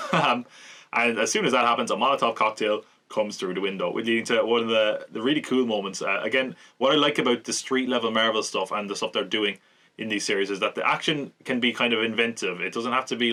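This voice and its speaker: In a medium-pitched, pushed and bright voice, this podcast host chats through a relaxed recap and review of a TV episode, frequently laughing and dropping into brief mock voices.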